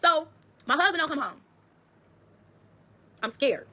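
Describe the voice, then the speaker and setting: A woman telling her own story to viewers in a rapid, heated, profane way. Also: sits high, animated, pushed and bright. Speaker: storyteller in a social media clip.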